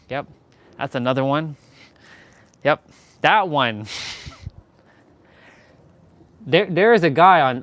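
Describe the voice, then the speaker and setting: A young man talks slowly while he works out, rambling and cracking jokes, sometimes short of breath between sets. His pitch sits in an average range. He swears now and then and repeats phrases for effect. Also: fairly bright tone, clean tone, dry recording. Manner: loose, joking, swears, repeats himself. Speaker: fitness vlogger. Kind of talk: casual chat while working out.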